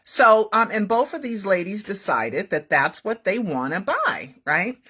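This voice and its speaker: A woman's voice: mid-range voice, very animated, unhurried, a bit bright, breathy edge. A woman telling a story to her viewers in a casual, chatty way, often checking in with "right?" and "okay?". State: feeling unwell.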